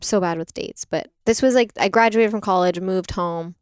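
A young woman telling her story in a casual interview, lively and full of "like", acting out what others said. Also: medium pitch, moderate pace, dry recording, studio quality. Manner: animated storytelling, frequent "like", acts out quoted voices. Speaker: interview guest, doula and product maker.

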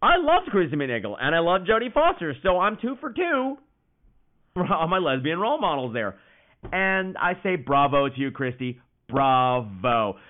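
High-voiced guy hosting a podcast, swoops all over, swears a lot while telling stories. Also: normal speed. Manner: animated, profane storytelling. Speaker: podcast host. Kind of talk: casual comedic monologue. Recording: tinny phone-like sound.

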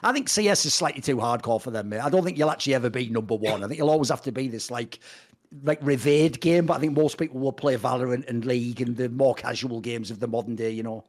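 A man's voice: mid-range voice, quick pace. A man co-hosting a podcast, talking bluntly and emphatically in a casual, opinionated chat, swearing freely. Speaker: podcast co-host.

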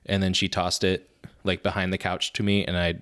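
Low-voiced man telling lively stories. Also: fairly quick, smooth. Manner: animated storyteller, laughs at his own stories. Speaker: podcast co-host and father. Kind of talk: casual chat.

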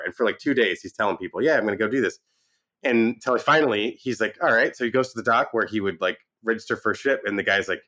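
A man casually reviewing a movie, retelling the plot with lively acted-out quotes and frequent restarts. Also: fairly low pitch, fast talker. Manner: animated retelling, acts out quoted lines. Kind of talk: casual film review chat.

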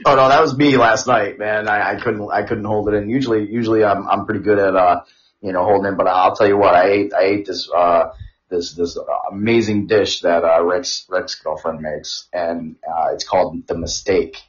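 A man co-hosting a crude casual chat podcast, rambling through stories with repeated words and loud laughs. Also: deep voice, steady tone, normal speed. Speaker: podcast co-host. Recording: dull lo-fi audio.

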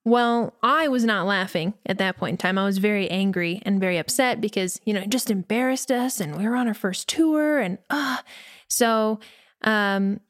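A woman's voice: mid-range voice, normal speed, no echo, studio quality. A young woman in a band, casually telling a story in an interview and acting out what people said. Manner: animated storyteller who acts out quotes. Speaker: band member.

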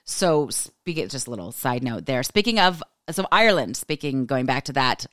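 A woman in her forties with a Californian accent, telling stories as a podcast host, fast-talking and animated and saying "like" a lot. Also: a bass voice, dry recording, clean studio sound. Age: 40s. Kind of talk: casual storytelling.

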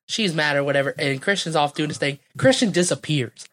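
A young man telling a story in a casual podcast chat, animated and profane, acting out what people said. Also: a little high, brisk.

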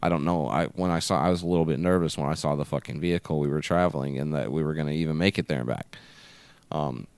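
A man co-hosting a podcast, telling long, rambling anecdotes full of swearing and filler words. His voice is very deep and smooth. The recording is dry and close. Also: fairly even intonation, fast talker, a little mellow, no room sound. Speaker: podcast co-host. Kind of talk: casual chat.

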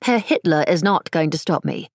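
A woman's voice: low voice, animated, moderate pace, vocal fry, no room sound, studio quality, heavily acted. Woman voicing a headstrong young student. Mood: defiant. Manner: stubborn, wry. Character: headstrong nineteen-year-old student woman.

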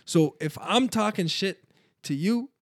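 A young man with a slightly raised voice, talking in an animated way and swearing freely. He is on a dry, close microphone in a casual group chat. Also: sits high, unhurried, no room sound. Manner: animated, swearing, laughing often. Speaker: podcast host.

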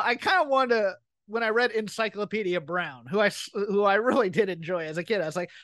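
A man's voice: high voice, a bit bright, no echo. Jokey rambling male podcast host. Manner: jokey, rambling, laughs often. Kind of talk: casual chat.

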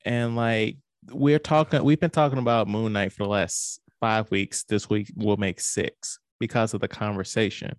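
A man co-hosting a podcast, making points in a casual, swearing way with quick jokes. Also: fairly low pitch, fairly even intonation, no room sound, clean studio sound. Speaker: podcast co-host. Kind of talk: casual chat.

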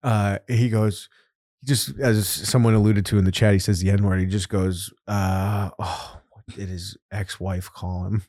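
A man's voice: lowish voice, a little slow. A man hosting a podcast in casual chat, telling a story with lots of laughter. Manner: animated storytelling, laughing often. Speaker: podcast host.

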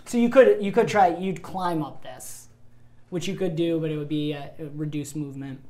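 A woman's voice: low-pitched, normal speed, mellow. A woman narrating a tabletop role-playing game as game master, giggling often and adding sound effects to her storytelling.

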